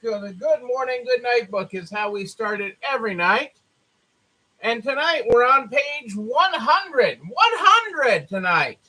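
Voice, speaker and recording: A man with a very high, bright voice chats with viewers on a store live stream, greeting them by name and repeating himself in a loose, casual way. He sounds tired. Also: expressive, measured pace, poor audio.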